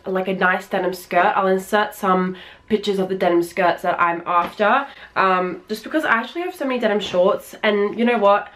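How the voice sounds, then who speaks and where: A woman's voice: mid-range voice, fairly bright tone. A young Australian woman in her early twenties, chatting through a try-on haul from home. She gushes easily and fills her sentences with "like" and "um", her voice sitting in a middle register. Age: early 20s. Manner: chatty and gushing, many fillers. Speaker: fashion vlogger.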